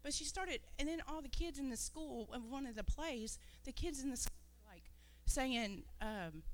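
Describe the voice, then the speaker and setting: A woman's voice: sits high, lively intonation, moderate pace. A woman giving an earnest, rambling talk to a church congregation, sometimes losing her train of thought.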